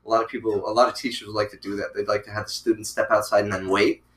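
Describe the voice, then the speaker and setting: A young man telling a story in casual chat, animated and full of swearing. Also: fairly low pitch, very fast, roomy sound.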